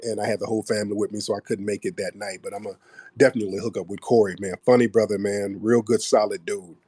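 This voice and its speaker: A man's voice: lowish voice, little pitch movement, fast, darkish tone, slightly rough, dry recording. A man hosting a live call-in audio show, blunt and joking. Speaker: host.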